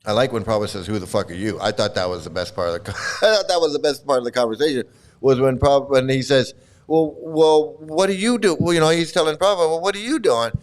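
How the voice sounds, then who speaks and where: A man's voice: mid-range voice, expressive, racing. An older man giving casual, blunt commentary, rambling with frequent restarts and swearing freely.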